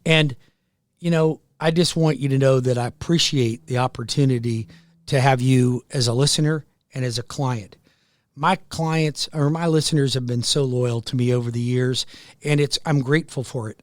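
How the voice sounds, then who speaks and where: An older American man hosts a talk radio show, speaking earnestly and folksily and repeating his phrases. His voice sits at an everyday middle pitch. The studio mic sounds dry and close, with no room echo. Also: normal speed. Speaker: radio show host and mortgage lender. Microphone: studio microphone.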